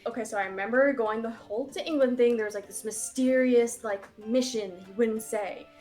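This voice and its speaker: A woman's voice: a little high, a little fast, a little mellow, faint music behind. A woman joining a game stream, chatting casually with dry, amused remarks. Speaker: guest co-player. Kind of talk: casual let's-play chat.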